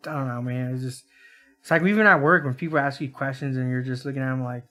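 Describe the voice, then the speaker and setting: A man's voice: medium pitch, fast, sharp tone. A man in a casual podcast chat, rambling in a laid-back way.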